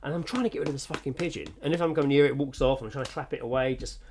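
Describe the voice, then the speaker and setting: A man's voice: medium pitch, very fast, a little mellow. A man co-hosting a podcast, telling rambling, sweary anecdotes in casual chat. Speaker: podcast co-host.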